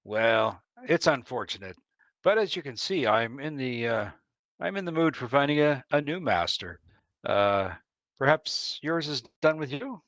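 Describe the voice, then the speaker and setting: Wry, lively-voiced man role-playing. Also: medium pitch, a little slow, dry recording. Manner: wry, playfully polite. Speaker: player. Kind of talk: in-character tabletop role-play.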